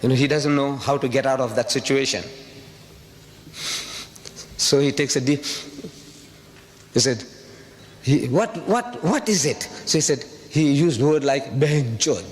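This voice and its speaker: Speaking at a measured pace with frequent pauses, this older public speaker from South Africa uses a mid-range voice to give a fiery, rhetorical lecture to a live crowd. He drives his points home by repeating phrases. The recording carries an echoey hall sound with light hiss.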